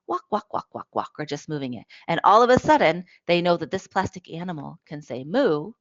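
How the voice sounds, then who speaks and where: Low-voiced woman giving a lively talk. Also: dry recording. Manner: lively, demonstrative, often checks in with "right?". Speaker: presenter on play for young children, parent. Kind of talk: webinar talk with toy demonstrations. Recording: dull, lo-fi, dry audio.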